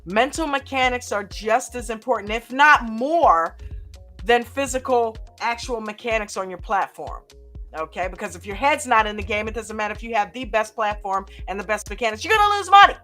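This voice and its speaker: A woman hosting a live stream chat, greeting viewers by name in a lively, casual way and laughing often. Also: fairly high pitch, normal speed, faint music behind.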